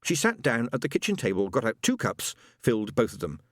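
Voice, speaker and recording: A man narrating an audiobook in an expressive, wry way. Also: medium pitch, brisk, dry recording, clean studio sound. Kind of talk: scripted narration.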